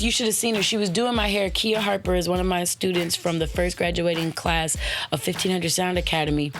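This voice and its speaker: A woman hosting her own podcast, giving casual motivational talk in a playful, slangy way, with swooping high exclamations and web addresses spelled out letter by letter. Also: steady tone, fairly quick, faint music behind. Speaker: podcast host.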